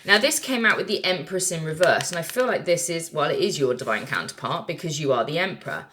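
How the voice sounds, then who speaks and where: Lady doing a tarot reading, kinda low voice, chatty, swears a lot, faint hiss in the back. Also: expressive, fast, a bit bright. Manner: chatty and irreverent, swears freely. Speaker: tarot reader.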